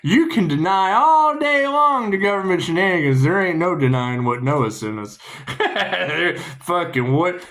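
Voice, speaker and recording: A man's voice: high voice, sing-song, measured pace, a bit bright. A man giving a loose, rambling spiritual tarot talk, swearing, laughing and humming little tunes between thoughts. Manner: profane, laughing, humming asides. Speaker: tarot reader.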